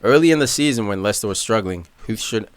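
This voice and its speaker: A man with a very low, deep voice co-hosting a casual soccer podcast. He talks in an emphatic, argumentative way and is quick to cut in with agreement or pushback. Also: expressive, dry recording. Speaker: podcast co-host. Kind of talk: casual sports chat.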